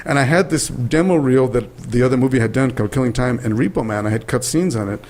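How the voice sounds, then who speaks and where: An older man, a guest actor, telling lively anecdotes in an interview and acting out the people in them. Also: mid-range voice, quick pace, few pauses. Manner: animated storyteller acting out quoted voices. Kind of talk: interview storytelling.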